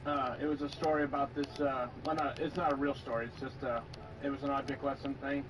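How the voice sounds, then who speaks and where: Fast, flat-toned man on lo-fi voice chat. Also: medium pitch, background noise. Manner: hesitant, many fillers. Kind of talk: casual chat, telling a story.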